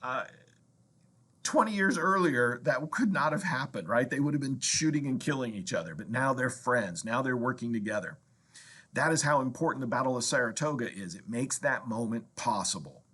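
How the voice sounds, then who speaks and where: A man lecturing on history to a college class, his voice husky and neither high nor low. He talks with animated emphasis, often checking in with "right?" and stumbling over repeated words as he builds his points. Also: normal speed. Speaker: history professor.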